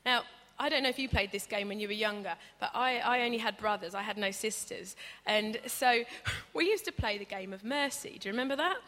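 A woman's voice: medium pitch, brisk, sharp tone. A woman preaching a conversational sermon, chatty and humorous, acting out stories as she goes. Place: church hall. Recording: reverberant church hall.

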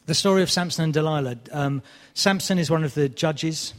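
Man preaching, lively storyteller, slightly higher voice, hall reverb. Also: a little fast. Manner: animated storytelling, mock exasperation. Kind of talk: sermon.

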